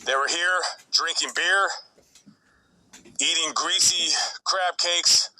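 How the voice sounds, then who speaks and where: A man's voice: a little high, steady tone, slow, sharp tone, low-quality recording. A man casually narrating a true crime story in a dramatic, conversational way with asides. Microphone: played from a video being reacted to.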